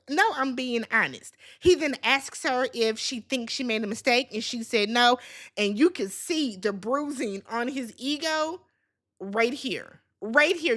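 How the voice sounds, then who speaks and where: A woman's voice: a little high, pushed and bright. A woman hosting a casual reality TV recap, sassy and blunt, talking straight at the cast members as if scolding them.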